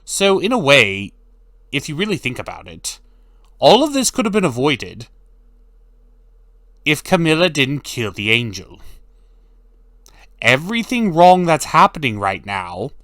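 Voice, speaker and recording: Lively, bright-voiced male cartoon reviewer. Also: fairly high pitch, unhurried, pauses often, no echo. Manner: blunt, sarcastic, swears freely. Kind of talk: casual recap commentary.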